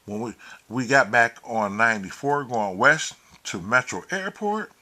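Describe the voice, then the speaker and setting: A man hosting a show, telling a story in a profane, animated way and acting out the quotes. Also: mid-range voice, unhurried. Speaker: host. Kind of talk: casual storytelling.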